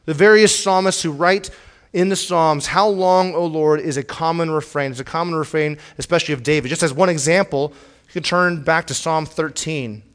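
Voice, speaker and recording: A man's voice: fairly high pitch, fairly quick, a bit bright. A man preaching a sermon in an earnest way, often repeating words as he restarts, and rising to a pleading tone when he reads scripture aloud. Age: young adult or middle-aged, has children. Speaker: pastor.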